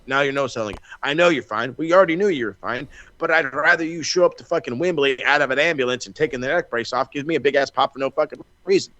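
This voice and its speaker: A man co-hosting a wrestling podcast in casual chat, telling stories in an animated, profane way with lots of restarts. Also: mid-range voice, fast talker, few pauses, dry recording. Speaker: podcast co-host.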